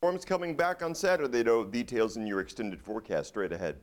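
A man giving a weather forecast in a relaxed, conversational way, with the odd filler. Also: mid-range voice, brisk.

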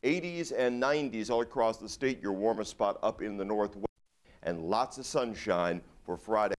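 A man giving a weather forecast in a relaxed, conversational way, with the odd filler. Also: lowish voice, moderate pace.

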